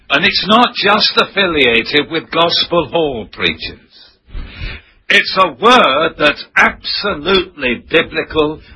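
A man preaching a sermon in a slow, emphatic way, full of rhetorical questions. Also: fairly high pitch, pushed and bright, breathy edge, low-quality recording.

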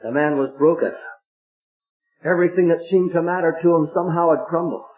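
An older man delivers a fervent, pleading evangelistic sermon in a somewhat high voice. His pitch swings widely for emphasis as he preaches. The recording is dull and lo-fi. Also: fairly quick.

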